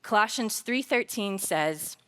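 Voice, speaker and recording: A woman with a medium-pitched, clean voice speaks at a measured pace at a conference. In her faith-based talk on work, she relates lively anecdotes from her own life with humor before growing earnest and reflective over the lesson.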